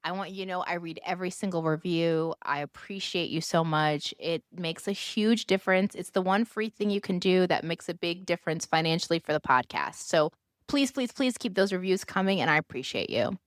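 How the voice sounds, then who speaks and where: A woman's voice: lowish voice, fairly quick, smooth, dry recording, clean studio sound. A woman hosting a podcast, upbeat and encouraging, wrapping up an interview and chatting to listeners. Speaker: podcast host.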